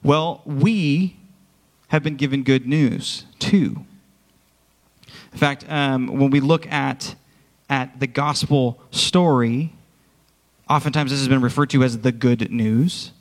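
A man's voice: medium pitch, takes it slowly, long pauses, big-room sound. A man preaching a sermon as worship pastor, speaking earnestly and directly to his congregation in a church. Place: church sanctuary.

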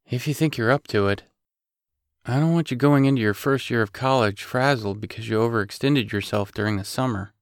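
A man voicing a weary, protective single father who talks in a gentle, low-key way. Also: brisk, no room sound, studio quality, natural voice. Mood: gentle, wry.

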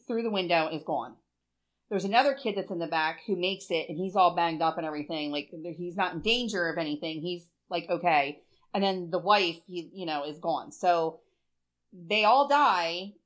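A woman in her forties, co-hosting a podcast and telling a story in a chatty, emotional way, with plenty of swearing. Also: on the low side. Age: 40s. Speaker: podcast co-host. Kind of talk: casual chat.

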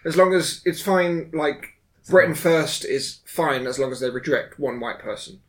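A man's voice: on the high side, unhurried. A man co-hosting a podcast in casual chat, asking dry, needling questions. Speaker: podcast co-host.

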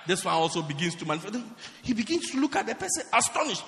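A man's voice: on the high side, fast, hardly any pauses, sharp tone. A man preaching a sermon as pastor, emphatic and repeating his phrases for effect. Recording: echoey hall with long reverb.

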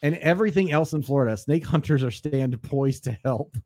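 A man's voice: a little high, brisk, very noisy. Man reading news between laughs. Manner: laughs while reading, dry and matter-of-fact. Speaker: podcast co-host reading news items. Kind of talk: casual comedy chat, reading out news. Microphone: studio microphone.

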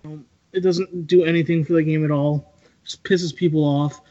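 A man's voice: on the high side, fairly even intonation, moderate pace, mellow, highs cut off. A man on a podcast panel in casual chat, blunt, exasperated and sweary.

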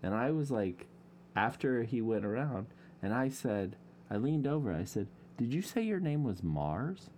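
A man co-hosting a podcast in easygoing chat, his pitch swinging widely as he tells a story. He laughs often between lines. Faint ambient noise sits under the voice. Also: very animated, a little slow, warm tone. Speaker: podcast co-host. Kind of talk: casual chat.

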